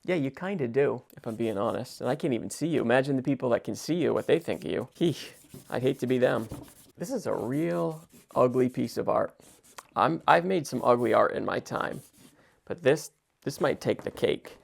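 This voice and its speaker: Gravelly sarcastic man chatting while drawing. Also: mid-range voice, expressive, normal speed. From United States. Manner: sarcastic, jokey, talks to himself. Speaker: visual artist. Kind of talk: stream-of-consciousness drawing vlog.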